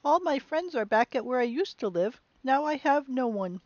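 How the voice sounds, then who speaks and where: A lonely little boy who keeps to his room, as a woman reads him aloud, speaking in a quiet, slow and plaintive way. His voice sits a little high. The audio is dull and dry. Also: expressive, dry recording. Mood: sad.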